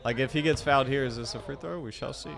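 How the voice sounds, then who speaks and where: A man giving casual, excited play-by-play commentary on a basketball game, full of slang. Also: mid-range voice, fast, gravelly, over loud music. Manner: excited, chatty, loose slang.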